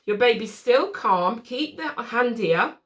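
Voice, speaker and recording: A woman teaching parents a soothing technique for settling a baby, speaking calmly and patiently and demonstrating soft shushing. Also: on the high side, takes it slowly. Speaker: baby sleep consultant. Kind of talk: instructional demonstration. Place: room with a changing mat set up as a crib. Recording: voice from a distance from the mic.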